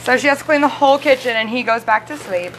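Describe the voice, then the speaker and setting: A woman's voice: fairly high pitch, fast talker, fairly bright tone, a little hiss or hum, low-quality recording. A woman co-hosting a casual podcast chat about a movie, giggling as she retells scenes and acts out lines. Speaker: podcast co-host.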